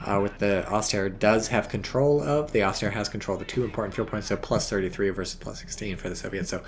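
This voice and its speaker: A man giving casual, rambling game commentary full of swearing, tired and a bit drunk, with sudden bursts of excitement. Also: fairly low pitch, fast talker.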